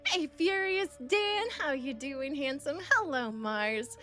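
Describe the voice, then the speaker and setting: Woman, high bright voice, bubbly streamer, pet names for chat, faint music behind. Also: animated, slow. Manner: chews food while talking. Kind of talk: casual live-stream chat.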